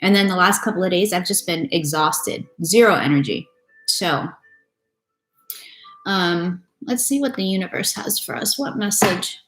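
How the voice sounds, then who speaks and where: A woman's voice: on the low side, animated, measured pace, fairly bright tone. A woman giving a loose, chatty live-stream tarot reading, swearing casually and greeting viewers by name. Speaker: tarot reader. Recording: echoey room with faint noise.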